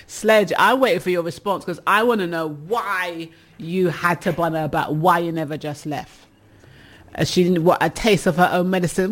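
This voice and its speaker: A woman's voice: fairly low pitch, moderate pace. A woman hosting a casual advice show, reading listener messages and teasing them with laughter. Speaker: radio advice show host.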